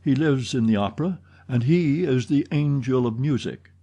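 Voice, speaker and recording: A man's voice: medium pitch, moderate pace, vocal fry, mellow, voice pushed up. A man voicing an earnest, trembling young viscount in an audiobook, speaking insistently. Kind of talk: audiobook character reading.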